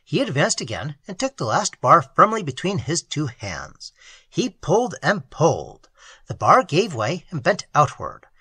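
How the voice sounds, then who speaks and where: Man narrating a story, very lively pitch, bright, husky, dry close sound. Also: measured pace, no room sound. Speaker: audiobook narrator.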